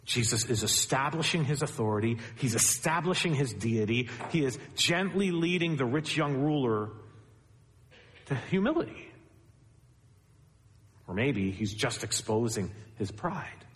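In a large hall, this pastor speaks unhurriedly and with animation, his tone a bit bright. Preaching expositorily, he calls the congregation "beloved" and lifts his voice on important points.

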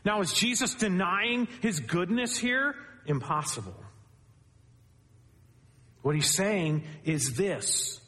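Guy preaching a sermon, pretty high voice, big echoey church hall, pushes pitch up on the big points. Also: expressive, slow, pauses often, pushed and bright. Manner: expository preaching, rising pitch for emphasis. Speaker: pastor.

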